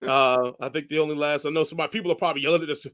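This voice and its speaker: Man co-hosting, quick to agree and laugh. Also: a little high, fairly even intonation, a bit bright, dry recording. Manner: quick agreeing 'right, right', laughs along. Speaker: podcast co-host. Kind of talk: casual movie review chat.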